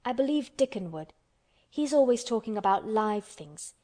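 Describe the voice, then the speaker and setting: A woman's voice: a little high, animated, moderate pace, warm tone. A woman voicing a stubborn, contrary orphan girl who speaks bluntly and obstinately.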